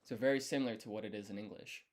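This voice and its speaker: Slightly low-voiced man thinking aloud. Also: very fast, darkish tone. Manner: explains step by step, muses and quizzes himself. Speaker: language learner streaming his study. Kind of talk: thinking aloud while studying.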